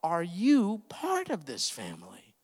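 A man's voice: high-pitched, wildly swooping pitch, measured pace, slightly rough, long reverb tail, heavily acted. A man voicing a firm and loving adoptive father within a sermon story.

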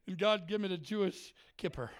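High-voiced, jokey man preaching. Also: a little fast, a little hiss or hum. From Germany. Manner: jokey, animated, laughs a lot, acts out voices. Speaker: traveling preacher and worship leader. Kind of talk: humorous sermon storytelling.

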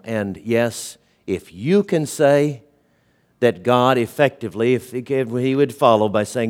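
Earnest preacher, often quiet. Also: male voice, mid-range voice, animated, measured pace. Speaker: pastor. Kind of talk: sermon.

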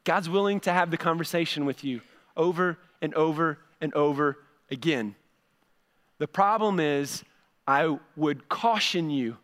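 Man, middle-aged pastor, high voice, conversational sermon, repeats words, long hall reverb. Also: fairly bright tone. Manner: conversational preaching, repeats words when building a point. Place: church sanctuary.

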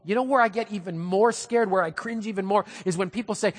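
Animated, high-voiced male pastor preaching. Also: quick pace, hardly any pauses. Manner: animated, humorous storytelling. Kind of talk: sermon. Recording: long hall reverb.

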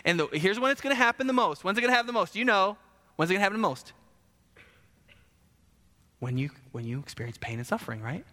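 A male pastor preaching a sermon in an animated, conversational way, full of rhetorical questions. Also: sits high, fast talker. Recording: long hall reverb.

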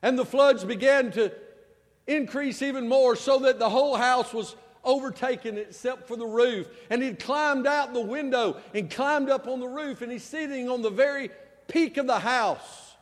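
A man, a pastor, preaching a sermon, his voice swinging between loud outbursts and hushed, low passages. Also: moderate pace. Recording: long hall reverb.

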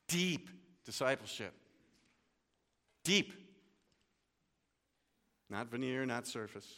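A man's voice: mid-range voice, lively intonation, slow, pauses often. Preacher man in a reverberant hall. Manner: dramatic swings from hushed to loud. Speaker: pastor. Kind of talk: sermon.

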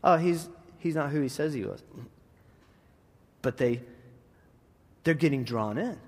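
A man preaching in a conversational, animated style with frequent restarts and asides. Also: a little high, unhurried. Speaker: preacher and middle school teacher. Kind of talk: sermon. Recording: long hall reverb.

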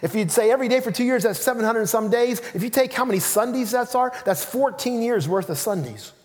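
A man preaching a sermon as pastor in a church, telling the story in an animated way and acting out the quotes. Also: very high voice, quick pace. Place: church sanctuary. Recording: reverberant church hall.

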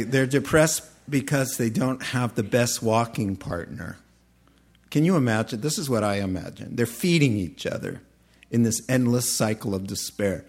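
A middle-aged man preaching a sermon as pastor, lively and humorous, with playful asides and quick self-corrections. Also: medium pitch.

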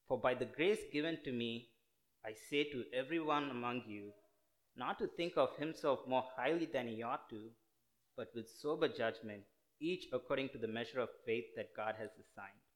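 A young man from India, preaching a casual, earnest sermon full of fillers and restarts. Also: medium pitch. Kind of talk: conversational sermon.

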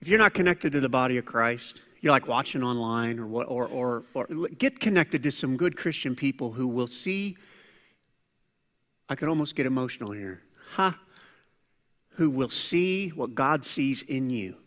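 A man preaching a sermon as pastor, animated, swinging between loud preaching and quiet asides. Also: medium pitch, moderate pace. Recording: long hall reverb.

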